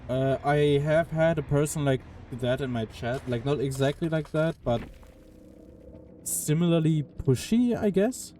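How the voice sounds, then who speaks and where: A man's voice: a little high, a little slow, mellow. A man streaming a video game, chatting casually and hesitantly with many fillers. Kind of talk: casual live-stream chat. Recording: distant mic with faint noise.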